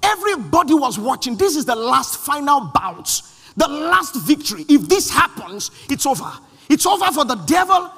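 A male pastor with a high-pitched, creaky voice delivers a sermon at a moderate pace in a large church hall, where a long reverb trails his words. He is animated, shouting refrains and acting out the voices of those he quotes.

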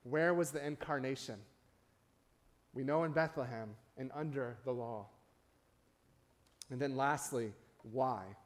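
A man's voice: medium pitch, unhurried, long pauses. A man preaching a sermon in a church, talking conversationally and often checking in with the congregation with asides. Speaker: pastor. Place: church sanctuary.

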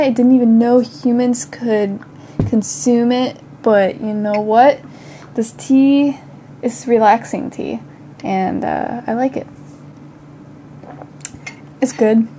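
She has a mellow voice on the high side, recorded with slight background noise. A young woman hosting a gaming channel while mildly sick, she coughs here and there, chats to herself through casual gameplay, and now and then shrieks in panic.

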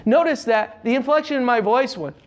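Animated male speaking coach. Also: extremely high pitch, a little fast. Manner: animated, emphatic delivery with shifting inflection; demonstrates with hand gestures. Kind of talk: instructional talk to camera.

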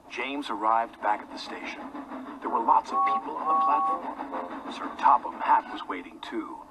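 A man narrating a children's story in a lively, expressive storytelling manner. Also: lowish voice, normal speed, very noisy. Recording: narration with music behind. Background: music.

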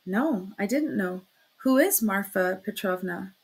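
A woman voicing a thoughtful, earnest young man giving calm advice in a read-aloud novel. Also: medium pitch, a little slow, breathy edge. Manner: thoughtful, reassuring.

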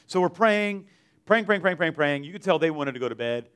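A man tells a church testimony in a loose, conversational way. He restarts sentences and leans on filler words as he talks. His voice sits somewhat high for a man. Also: expressive, brisk, a bit bright, clear, resonant tone. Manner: rambling, filler-heavy, many "like"s and restarts. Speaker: mission trip team member giving testimony. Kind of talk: church testimony, casual storytelling. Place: church service.

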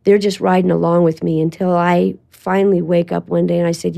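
An older woman talks as an interview guest, spinning anecdotes in a loose, chatty way. She slips into quoted lines as she tells them, and her delivery stays expressive. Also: fairly low pitch, fast talker, gravelly, few pauses. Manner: animated storytelling with quoted asides. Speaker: guest, voice actress. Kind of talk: casual interview chat.

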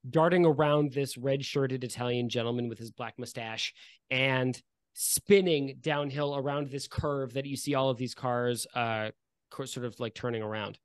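A man's voice: medium pitch, fairly even intonation, moderate pace, smooth, no echo. A man running a tabletop game as game master, narrating loosely with many fillers.

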